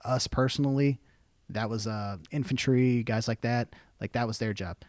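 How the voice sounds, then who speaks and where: A man's voice: mid-range voice, moderate pace, dry recording. Young male podcast guest, army vet, swears a lot, acts out the quotes, dry close sound. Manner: profane, animated storyteller acting out quotes. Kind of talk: casual storytelling.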